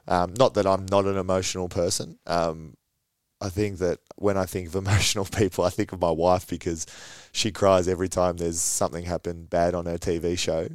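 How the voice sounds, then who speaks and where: Recorded with no room sound, a young Australian man speaks in a low, darkish voice with flat delivery at a moderate pace. He's a footballer guesting on a casual podcast, an easygoing storyteller who laughs a lot and leans on many fillers.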